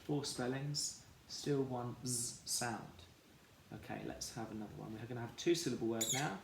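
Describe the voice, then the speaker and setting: A man teaching a phonics lesson for children, sounding out each letter slowly and carefully. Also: mid-range voice, vocal fry. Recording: echoey room, faint background noise.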